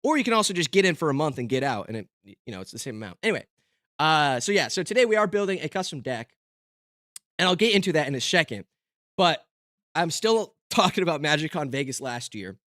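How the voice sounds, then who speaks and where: A man's voice: a little high, sing-song, fast, a bit bright, no room sound. Young male streamer, self-mocking rambler, close and dry sound. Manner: rambling, lots of fillers and restarts. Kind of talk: casual stream chat.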